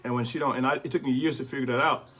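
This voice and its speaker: A middle-aged man, a bishop, giving plainspoken, relaxed marriage advice in casual conversation. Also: mid-range voice, rapid-fire, husky. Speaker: bishop, co-host.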